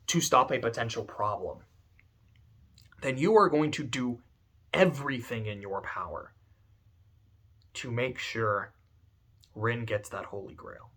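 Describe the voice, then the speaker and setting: Sly scheming priest read by a man in his own voice, calm and mocking, plain retelling. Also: mid-range voice, husky, heavily acted.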